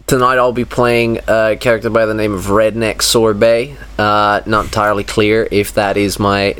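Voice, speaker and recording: A man playing in a tabletop role-playing podcast, wry, pausing often with fillers. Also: lowish voice, flat delivery, fairly bright tone, clear, resonant tone. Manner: hesitant, lots of filler pauses, wry. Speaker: player. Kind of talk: casual tabletop podcast chat.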